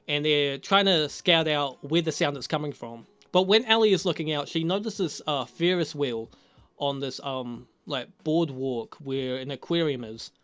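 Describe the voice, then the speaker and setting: Young man, casual and profane, slightly high voice. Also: fairly bright tone, clean tone. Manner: casual, heavy swearing, laughs often. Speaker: TV show reviewer. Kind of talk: casual spoken review.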